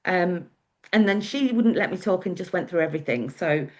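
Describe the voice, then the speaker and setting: Speaking at normal speed in an expressive, lower-register voice, an English woman recounts her personal experiences as a guest speaker. She's candid and conversational, bringing quotes to life by acting them out.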